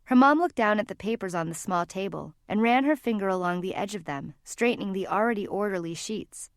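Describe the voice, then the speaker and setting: A woman narrating an audiobook in calm, even storytelling. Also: medium pitch, brisk, no echo, clean studio sound. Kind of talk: scripted narration.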